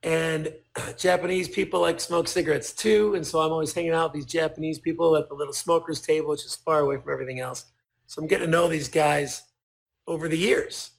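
A fairly high-pitched, creaky male voice speaking fairly quickly. He's a toy designer appearing as a guest, telling stories in a casual, profane way and animatedly acting out what people said.

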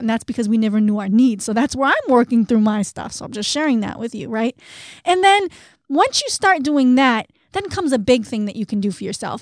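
Chatty higher-voiced woman podcast host. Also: no room sound, clean studio sound. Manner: candid and chatty, laughs at herself. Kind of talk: casual self-help podcast talk.

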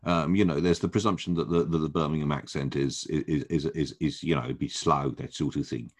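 A man hosting an interview, asking halting questions and repeating words as he searches for them. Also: extremely low pitch, steady tone, husky. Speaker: podcast host. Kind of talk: casual interview chat.

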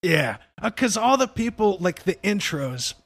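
A young man with a slightly high, gravelly voice, chatting loosely on a podcast. He talks in a relaxed, rambling way, swears freely and keeps saying "dude". The sound is dry and close, with no room around it. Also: measured pace, dry recording. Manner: laid-back, swears a lot, says "dude". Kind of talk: casual chat.

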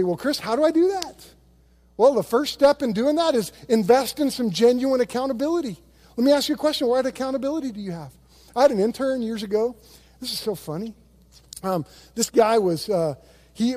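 High-pitched man preaching a lively sermon. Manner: animated storytelling with repeated restarts; imitates other voices in quotes. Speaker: pastor.

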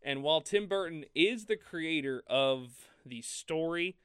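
A man co-hosting a film podcast, talking in a casual, animated way with frequent laughs and restarts. His voice is bright and smooth. The sound is dry and close. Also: on the high side, unhurried, no echo. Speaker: podcast co-host.

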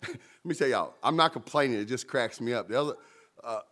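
A man preaching a sermon, animated and humorous, with sudden jumps in pitch. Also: brisk. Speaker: pastor.

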